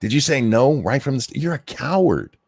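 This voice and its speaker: A man's voice: medium pitch, expressive, fairly quick, vocal fry, darkish tone, slightly rough, dry recording. A man hosting a ranting reaction commentary, profane, sarcastic and berating. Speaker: commentary host.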